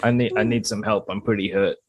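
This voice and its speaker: A man's voice: on the low side, steady tone, fast, breathy edge. A man playing a tabletop game, joking with the group and stammering through his lines. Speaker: player. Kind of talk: casual tabletop play.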